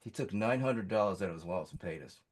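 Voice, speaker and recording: A man's voice: sits low, lively intonation, fast talker. A man on a music industry panel telling a long story in a casual, rambling way, full of fillers and restarts.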